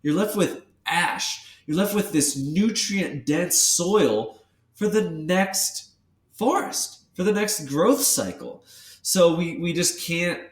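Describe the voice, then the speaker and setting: A man talks in a casual podcast chat, rambling and animated, often restarting his sentences. He sounds hyped up and a little removed from the microphone, in a noticeably echoey room. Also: mid-range voice, distant mic. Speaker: podcast co-host. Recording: echoey room, away from the mic.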